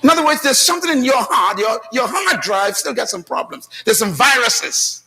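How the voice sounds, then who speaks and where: A man preaching a sermon as pastor, dramatic, swinging between shouts and low asides, telling stories with quoted dialogue in a church with responses from the congregation. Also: lively intonation, normal speed, vocal fry, slightly rough.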